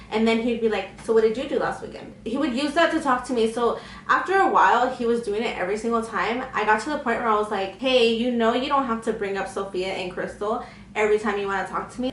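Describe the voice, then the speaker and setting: A woman's voice: on the high side, a little hiss or hum. A young woman telling a personal story in a candid, chatty way, acting out what others said. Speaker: vlogger. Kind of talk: casual storytime chat. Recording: echoey room, faint ambience.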